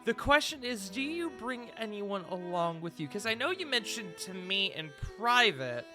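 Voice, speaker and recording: A man narrating as game master of a tabletop game, brisk and playful with many fillers. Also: sits high, very animated, over music.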